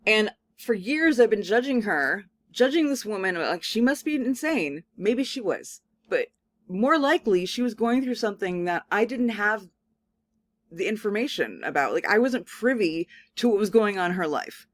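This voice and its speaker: A woman professor giving a lecture, telling a personal story in a casual, animated way with many filler words. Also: mid-range voice, moderate pace, dry recording. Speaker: communication studies professor. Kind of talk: recorded lecture with personal anecdote.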